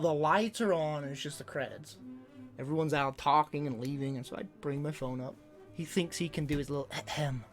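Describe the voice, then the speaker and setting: A man's voice: a little high, moderate pace, faint music behind. A man streaming live, casually telling stories to his chat and acting out what people said. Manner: animated, acts out quotes loudly. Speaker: livestreamer.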